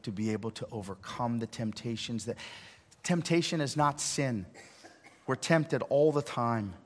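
A man's voice: medium pitch, expressive, a little slow. Preaching man in a reverberant church. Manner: dynamic preaching, swings from hushed to loud. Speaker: pastor. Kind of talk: sermon. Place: church sanctuary. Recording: long hall reverb.

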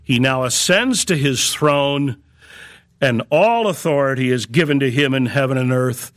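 A man preaching a sermon in a measured way, slowing down and lifting his voice to stress key phrases. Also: medium pitch, a bit bright.

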